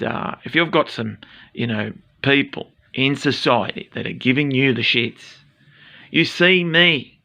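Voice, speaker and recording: A man's voice: medium pitch, gravelly, pushed and bright. A man in his forties with an Australian accent, talking casually to camera in a rambling, blunt, sweary way full of fillers. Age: 40s.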